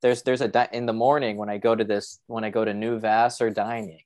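A man's voice: on the low side, little pitch movement, brisk, darkish tone, no echo. A young man who is a college student, chatting casually and telling rambling, crude, joking stories over a video call. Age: young adult. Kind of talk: casual chat.

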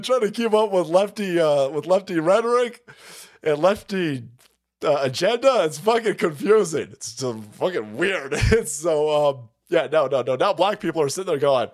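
A man's voice: a little high, lively intonation, normal speed. Foul-mouthed, sarcastic man ranting on stream. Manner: laughs often between phrases. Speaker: livestream host. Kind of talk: profane political rant stream.

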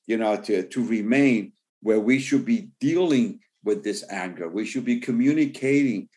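A man, a pastor, teaching a sermon in a loose, conversational way, with many "you know" fillers, who slows down to read scripture verses. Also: on the low side, dark tone. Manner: reads scripture verses slowly and deliberately.

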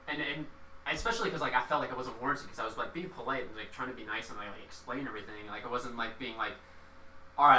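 A man's voice: medium pitch, pushed and bright, slight background noise. A young man, a restaurant server, telling a story in casual chat, rambling with lots of fillers and quoted dialogue. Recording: echoey room, mic at a distance.

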